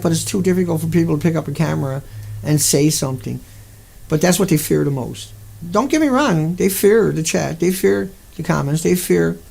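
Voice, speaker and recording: Angry guy ranting on his channel, gravelly voice, kinda high, swearing nonstop. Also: a little mellow. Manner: furious, profane, insulting. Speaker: video blogger. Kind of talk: angry profane rant to camera.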